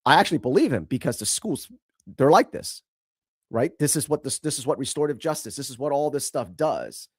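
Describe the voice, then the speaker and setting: A man's voice: medium pitch, big pitch swings, brisk, husky, no echo, studio quality. A male host giving emphatic, scornful commentary on a video clip, repeating himself for stress.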